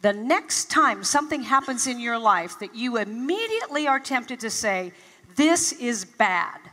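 An older woman, a motivational speaker, addresses a live audience in a large event hall, and the recording carries the hall's reverb. Her voice is on the high side, sing-song, pushed and bright, at normal speed. She tells stories and animatedly acts out her own past reactions.

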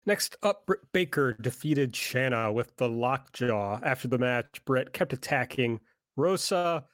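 A man's voice: medium pitch, measured pace, dry recording, clean studio sound. A man co-hosting a podcast, reading recaps from his notes with wry asides. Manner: lively, wry, reads from notes. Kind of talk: casual chat.

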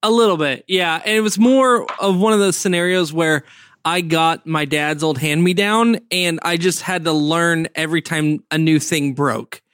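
Man, podcast co-host, relaxed anecdotes, dry close sound. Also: on the high side, normal speed, clean tone, dry recording. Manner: relaxed, anecdotal, acts out little dialogues. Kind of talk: casual chat.

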